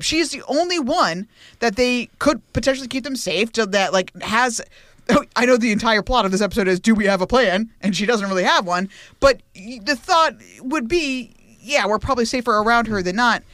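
A woman's voice: a little high, animated, fairly quick, fairly bright tone, no echo. A woman co-hosting a podcast in casual chat, chatty and laughing, acting out quotes from the show. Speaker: podcast co-host.

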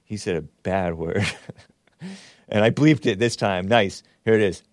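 A man's voice: on the low side, a little slow, no echo, studio quality. A man hosting a podcast, delivering mocking, sarcastic political commentary and laughing at his own jabs. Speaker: podcast host.

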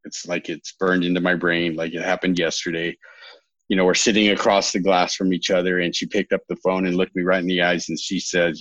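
A man's voice: low-pitched, flat delivery, a little fast, fairly bright tone, dry recording. A man in his thirties from California, a podcast guest telling his own story in a candid, rambling way, often correcting himself with a wry humor.

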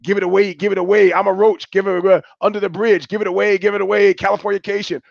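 A man's voice: high-pitched, little pitch movement, fast talker, gravelly, no echo, pitched above the performer's own voice. A man voicing a mocking, sing-song male rock singer cast as a roach, chanting the same phrases. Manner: sneering, chanting repeated phrases. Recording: dull, dry lo-fi stream audio.

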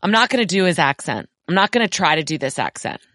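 A wry, blunt woman co-hosting a podcast and reading listener letters aloud with her own asides. Her voice sits on the low side. The sound is dry and close to the mic. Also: big pitch swings, fast, a bit bright, no echo. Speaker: podcast co-host.

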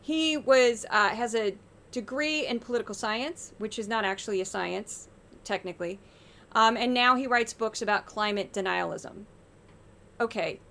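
A woman's voice: a little high, normal speed, gravelly, fairly bright tone. A woman hosting a podcast, giving sarcastic, exasperated political media commentary. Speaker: podcast host.

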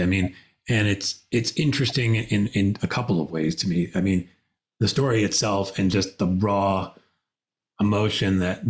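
A male podcast host with a somewhat low voice. He speaks reflectively, pausing to weigh his words, and backs up his guest with brief soft affirmations. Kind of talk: interview conversation.

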